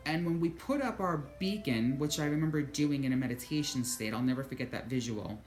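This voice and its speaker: Very low-voiced woman telling her story. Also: brisk, soft background music. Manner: animated, swears freely, quotes thoughts aloud. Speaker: vlogger. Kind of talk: personal storytelling monologue.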